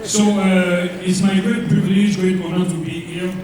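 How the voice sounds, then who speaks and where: A man's voice: high voice, little pitch movement, normal speed, natural voice. A man doing a cheeky French coach. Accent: French (put on). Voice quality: heavy put-on French accent, cheeky crowd-teasing. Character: boastful French coach, teasing, adult man. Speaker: comedian in character. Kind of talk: live stand-up character act. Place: large function room at a lunch event. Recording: echoey hall from far off, loud crowd.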